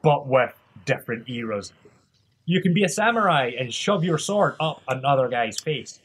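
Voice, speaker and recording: A man's voice: mid-range voice, expressive, normal speed, fairly bright tone, husky. A man, a guest in a casual gaming chat, making crude jokes. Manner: crude, joking.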